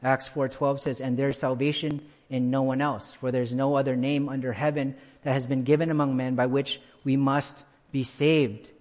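A pastor preaching a sermon to his church, repeating key phrases for emphasis and slowing down to stress them. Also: medium pitch, flat delivery, a little mellow. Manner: slows down for emphasis. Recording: long hall reverb.

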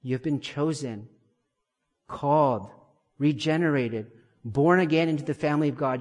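A man preaching an expository sermon, emphatic and building to forceful declarations. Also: fairly high pitch, moderate pace, pauses often, in a large hall.

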